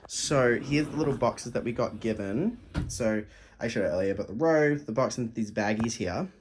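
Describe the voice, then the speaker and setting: A man's voice: medium pitch, normal speed, noisy background. A young man in a casual video diary, gushing over a gift and swearing freely, stumbling as he reads a letter aloud at home. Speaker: vlogger.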